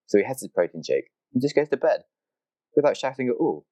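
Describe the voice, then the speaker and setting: A man hosting a podcast, casually telling a story and acting out people's reactions with lively jumps in his voice. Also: medium pitch, fast talker, no echo, low-quality recording. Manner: animated, acts out quoted reactions. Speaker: podcast host.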